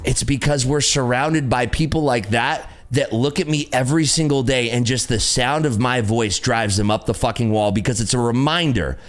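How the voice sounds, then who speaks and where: On a trading livestream, a day trader rants casually, brash, profane, and taunting. His medium-pitched voice moves at a normal speed with hardly any pauses, over soft background music.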